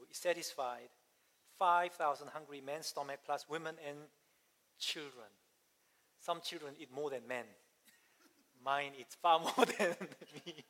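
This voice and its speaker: A man's voice: a little high, fairly bright tone, big-room sound. A man preaching a sermon, telling a story, acting out voices and asking the congregation questions. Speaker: pastor.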